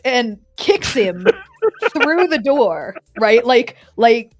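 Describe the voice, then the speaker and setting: A woman's voice: a little high, big pitch swings, slow pace, soft background music. A woman player narrating her character's actions in a tabletop game, chatty and full of fillers. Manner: chatty storytelling with frequent "like" and laughs.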